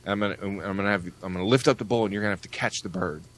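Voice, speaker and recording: Co-host, male, low voice, profane wisecracker, rambles. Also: rapid-fire. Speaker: podcast co-host. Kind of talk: casual podcast banter.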